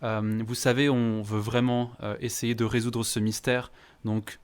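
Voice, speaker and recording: A young man playing a tabletop game, speaking slow, hesitant learner French with fillers. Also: medium pitch, level tone, clean tone. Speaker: player.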